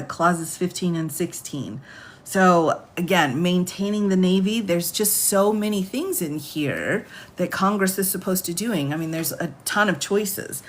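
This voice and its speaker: A woman's voice: on the low side, a little hiss or hum. A woman attorney explaining law on a phone livestream in a chatty way. She laughs often and reads legal text aloud.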